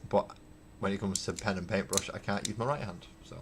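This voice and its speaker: A man hosting a casual livestream while painting miniatures, rambling wryly and thinking out loud as he answers viewer comments from his hobby room at home. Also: lowish voice, brisk, noisy background. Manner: rambling, wry, thinks aloud with fillers. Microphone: webcam.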